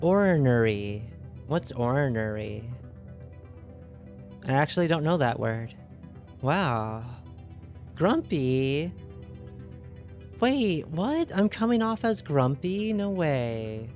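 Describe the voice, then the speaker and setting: A woman's voice: deep voice, big pitch swings, slow, long pauses, a little mellow, faint music behind. A young woman streaming a game, chatting casually and asking her viewers lots of questions. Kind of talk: casual livestream chat.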